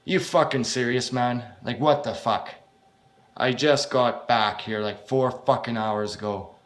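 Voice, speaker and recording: A man's voice: medium pitch, moderate pace, sharp tone, reverberant. A man voicing a bitter, worn-out young man who answers bluntly, exasperated and swearing at every turn.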